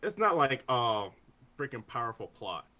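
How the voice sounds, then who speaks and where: A man co-hosting a gaming podcast, defending his view in an animated, casual chat. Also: mid-range voice, normal speed. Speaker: podcast co-host.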